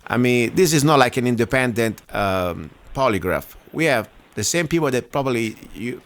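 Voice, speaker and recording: A man's voice: medium pitch, expressive, moderate pace. A man hosting a radio interview, talking conversationally and giving his opinions. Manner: conversational, frequent backchannel, opinionated. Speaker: radio host.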